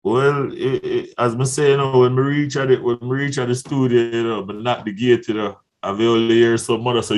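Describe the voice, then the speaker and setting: A young Jamaican man spins his stories in a relaxed interview, and his voice jumps between low murmurs and high, excited bursts. He laughs often and acts out the other people in his tale as he goes. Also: brisk, hardly any pauses. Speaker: guest artist. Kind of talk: casual interview storytelling.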